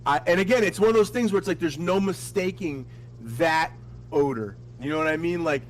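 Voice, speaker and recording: A man telling crude, animated stories full of cursing in a casual podcast chat. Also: on the high side, fairly quick, slight background noise, rough recording. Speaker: podcast co-host.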